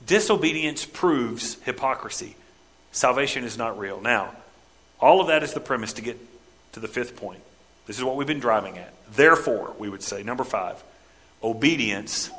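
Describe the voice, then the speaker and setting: A male pastor preaching a sermon in church, emphatic and direct, swinging between loud stressed lines and quiet, lowered ones. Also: rough recording. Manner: emphatic preaching, rising and dropping sharply for stress.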